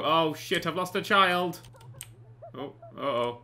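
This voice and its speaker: A man giving sarcastic, excitable commentary while playing a life simulation game, often swearing and bursting into panicked shouts. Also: high voice, measured pace. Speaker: gaming channel host. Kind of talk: comedic let's play commentary.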